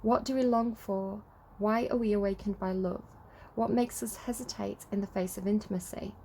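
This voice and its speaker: A woman's voice: mid-range voice, fairly even intonation, normal speed, warm tone, a little hiss or hum. A young adult woman giving a casual tarot reading, rambling and correcting herself as she reads card text aloud. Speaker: tarot reader.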